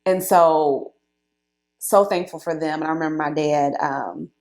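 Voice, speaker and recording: A woman in her late thirties, a guest telling her life story in a casual, animated way, laughing often and using many fillers. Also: sits low, unhurried. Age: late 30s.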